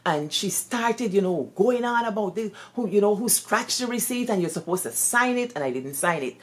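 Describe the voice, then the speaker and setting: A woman with a Guyanese accent, a former teacher, telling personal stories in an expressive, lively way sprinkled with Creole phrases. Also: medium pitch, normal speed, hardly any pauses. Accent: Guyanese Creole-tinged English. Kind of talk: animated personal storytelling.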